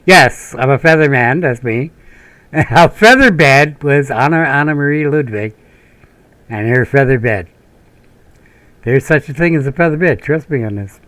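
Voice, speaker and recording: A man from northern Minnesota, USA, hosts a gaming channel and rambles through profane personal stories and tangents as he plays, laughing often. His medium-pitched voice is expressive and a bit bright, a little slow with frequent pauses. The recording is dry.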